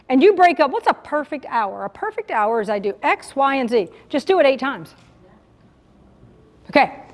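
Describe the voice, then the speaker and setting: A woman with a high voice delivers an animated motivational session, calling out to the audience and pressing them with questions. Her stage mic carries a long echo from the conference hall around her. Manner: animated, direct, addresses the audience as y'all. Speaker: sales coach speaking at a breakout session. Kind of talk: live motivational keynote talk.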